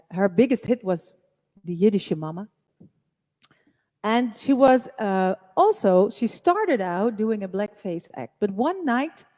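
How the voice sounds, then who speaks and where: Slow, halting woman presenter. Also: medium pitch, warm tone, long reverb tail. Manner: chatty, halting, with many fillers. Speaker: presenter and singer. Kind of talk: live-streamed music talk.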